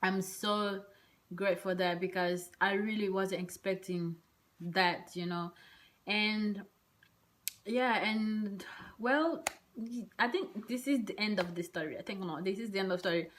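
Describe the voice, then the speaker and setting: A woman vlogger telling a personal story in a casual, rambling way, full of hesitant fillers and soft whispered asides. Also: mid-range voice, unhurried.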